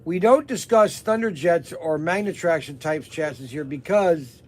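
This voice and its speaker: Host, male, reads emails out on a casual stream, deadpan and teasing, explains at length, slightly high voice. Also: moderate pace, few pauses. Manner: dry, teasing, explains in detail. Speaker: livestream co-host. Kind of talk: casual chat, reading an email aloud.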